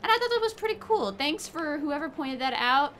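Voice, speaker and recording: A woman host giving casual, excitable let's play commentary, chatty and swearing freely. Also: sits high, a little fast, slight background noise. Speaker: gaming video host.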